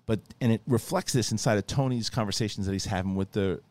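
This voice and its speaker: A man's voice: on the low side, fast talker, hardly any pauses, dry recording. Rambling man retelling TV plots. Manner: rambling, animated retelling with many restarts and acted quotes. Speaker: podcast host. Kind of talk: casual chat.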